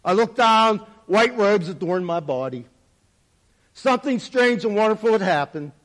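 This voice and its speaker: A man's voice: high voice, animated, normal speed, fairly bright tone. A man telling a first-person spoken parable in an earnest, dramatic way, his volume rising and falling widely. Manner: earnest, dramatic storytelling with wide swings in volume. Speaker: storyteller.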